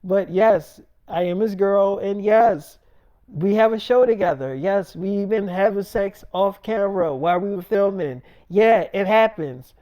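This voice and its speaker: A man's voice: high-pitched, measured pace, warm tone. A man voicing a young female actress who is defending her relationship on a livestream, in an exasperated tone. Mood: defensive.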